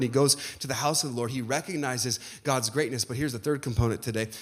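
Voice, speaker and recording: A middle-aged man preaching a sermon as pastor, emphatic and building to passionate peaks. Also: medium pitch.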